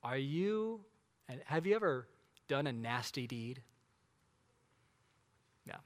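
A man's voice: mid-range voice, big pitch swings, takes it slowly, big-room sound. A man preaching a sermon as pastor, conversational and emphatic, asking the congregation rhetorical questions.

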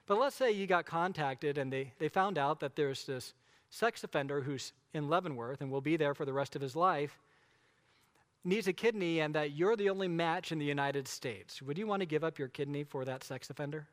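Male pastor, slightly higher voice, emphatic conversational sermon, long echo of a church hall. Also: normal speed. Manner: emphatic, conversational preaching with rhetorical questions.

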